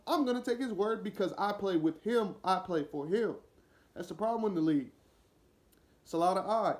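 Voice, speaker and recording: Guy with a high voice going off on football, opinionated podcast rant. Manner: animated, opinionated, talks straight at the listener; slips into acting out a player's voice. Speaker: podcast host. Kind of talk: solo sports commentary rant.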